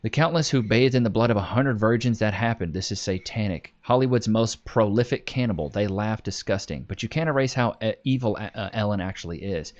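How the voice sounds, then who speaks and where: A man in his twenties chatting casually on a live stream, telling wild stories and reading comments aloud with animated swearing and laughter. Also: lowish voice, brisk, hardly any pauses, dull audio. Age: 20s.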